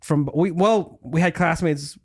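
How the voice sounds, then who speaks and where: A young man co-hosting a podcast, chatty and telling stories with quick laughs. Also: fairly high pitch. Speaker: podcast co-host. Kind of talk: casual chat.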